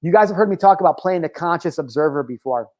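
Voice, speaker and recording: This thirty-something host of his own motivational talk has a slightly higher-than-average male voice with a darkish tone, and he speaks fast and animatedly. He's frank and profane, loaded with filler words, and prone to tangents.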